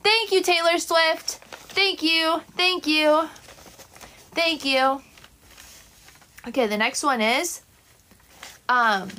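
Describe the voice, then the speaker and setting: Very high-voiced scolding woman streamer. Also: lively intonation, slow pace, long pauses, sharp tone, a little hiss or hum. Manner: scolding, indignant, sing-song. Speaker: live streamer. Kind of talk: live stream chat with improvised singing.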